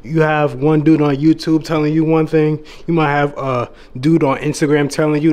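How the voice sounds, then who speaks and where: A man's voice: fairly high pitch, level tone, normal speed, hardly any pauses, a little mellow. A young man giving a casual, earnest motivational talk to his viewers, swearing freely and calling the listener bro, at times getting emotional. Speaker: dating and self-improvement YouTuber. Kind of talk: motivational monologue to camera.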